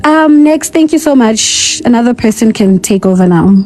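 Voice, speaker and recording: This woman argues on a live-stream panel in a combative, scolding way, with sassy slang. Her voice sits a little high but sounds mellow and warm rather than bright. She comes through a phone mic. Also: lively intonation, normal speed, soft background music. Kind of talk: heated live-stream debate.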